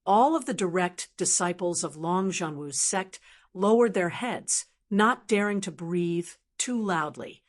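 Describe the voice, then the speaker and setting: A woman's voice: fairly low pitch, expressive, unhurried. Woman narrating an audiobook. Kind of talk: scripted narration.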